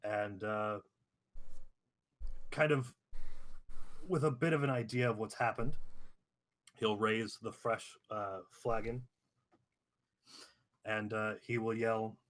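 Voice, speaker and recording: A man describing his character's actions in a tabletop game, often pausing with "uh". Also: on the low side, steady tone, a bit bright. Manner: hesitant, starts lines with uh. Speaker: player.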